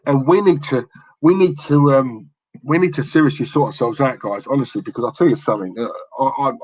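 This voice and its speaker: A man's voice: medium pitch, husky, rough recording. A passionate man, co-hosting a live fan stream and ranting from the heart. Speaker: fan channel co-host.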